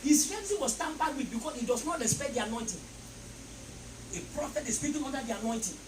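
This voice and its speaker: A man's voice: extremely high pitch, animated, quick pace. A man preaching a sermon emphatically, repeating phrases and leading the congregation in call-and-response. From Nigeria. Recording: echoey, distant mic, noisy.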